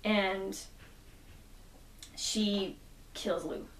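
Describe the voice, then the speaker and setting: A woman's voice: medium pitch, fairly even intonation, extremely slow, a little hiss or hum. Woman recapping a comic in an echoey room. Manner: retells the story chattily, quoting characters. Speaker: comic book reviewer. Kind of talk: casual plot recap. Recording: roomy echo, mic at a distance.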